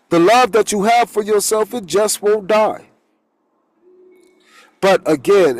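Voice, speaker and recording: A man's voice: on the high side, a little mellow, dry recording. A man, a holistic coach, giving a loose, rambling motivational spiritual talk full of homespun stories and blunt everyday slang. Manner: loose, rambling, streetwise preaching with folksy stories.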